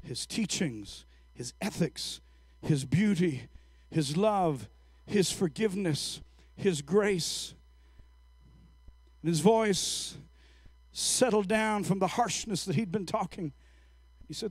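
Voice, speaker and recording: A male preacher with a fairly high voice, unhurried and deliberate, pausing between phrases as he builds toward fervent, shouted appeals. The sound is close and dry, with no room around it. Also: slightly rough, no room sound. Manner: slow, halting storytelling that builds to fervent shouting. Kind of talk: sermon.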